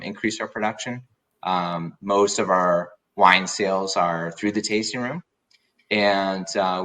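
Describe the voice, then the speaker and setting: A man's voice: low voice, a bit bright. A man, a winemaker guest in a podcast interview, talking casually with many fillers and restarts.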